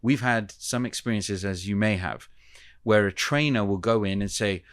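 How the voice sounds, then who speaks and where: A man who is a communication expert, explaining ideas in a measured, teacherly way as a podcast guest. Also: on the low side, no room sound. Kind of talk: podcast interview.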